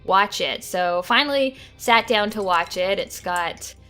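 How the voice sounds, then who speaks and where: A woman's voice: medium pitch, measured pace, pushed and bright, faint music behind. A woman co-hosting a casual podcast, chatting loosely about movies with lots of fillers. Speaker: podcast co-host.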